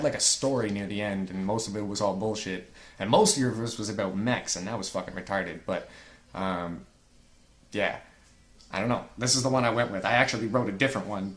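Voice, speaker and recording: A man's voice: fairly low pitch, fairly bright tone, roomy sound. A man casually reviewing rap battle verses, laid-back and profane, sometimes stumbling as he reads lines aloud.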